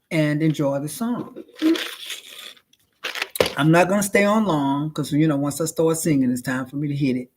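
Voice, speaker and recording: A woman's voice: low voice, normal speed. A woman hosting a casual, comic livestream, sassy and drawling, who keeps calling her listeners honey. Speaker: livestream host. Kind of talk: casual comedic livestream chat.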